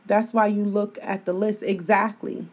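A woman's voice: mid-range voice, little pitch movement, moderate pace, darkish tone. Blunt, profane woman hosting a podcast. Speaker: podcast host. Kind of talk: casual opinion talk on a live podcast.

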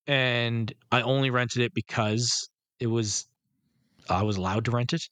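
A man's voice: mid-range voice, steady tone, normal speed, a bit bright, clean tone, no room sound. Rambling man on a podcast. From Canada. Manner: rambling, swears, trails off mid-thought. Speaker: podcast co-host. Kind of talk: casual film chat.

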